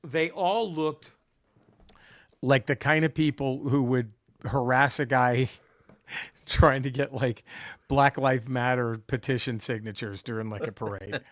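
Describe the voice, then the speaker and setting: A man's voice: mid-range voice, a little slow, no echo. A man from Texas telling a profane road trip story as a podcast co-host, acting out what people said. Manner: animated, profane, acts out quotes.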